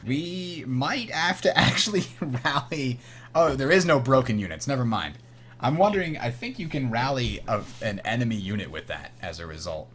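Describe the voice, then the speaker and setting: A young man hosting a board game tutorial, explaining rules as he plays, enthusiastic and quick to laugh. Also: medium pitch, big pitch swings, fairly bright tone.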